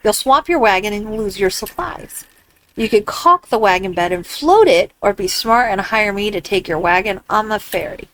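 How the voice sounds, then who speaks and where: A woman's voice: medium pitch, lively intonation, moderate pace, a bit bright, lightly acted, low-quality recording. A woman reading the lines of a male frontier ferryman in a video game, trying a put-on accent. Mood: matter-of-fact. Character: male ferryman, frontier river-crossing operator.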